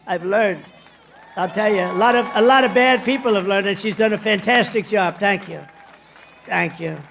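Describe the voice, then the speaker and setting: A man's voice: high-pitched, fairly bright tone. Rambling, boastful man at a rally. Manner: rambling, boastful, digressive storytelling. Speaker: politician addressing a rally. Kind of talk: rally speech.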